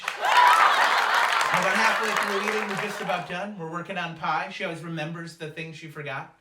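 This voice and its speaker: A man performing a stand-up routine, telling family stories in a quick, animated way. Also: high voice, a loud crowd. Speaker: comedian. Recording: echoey room, distant mic, noisy.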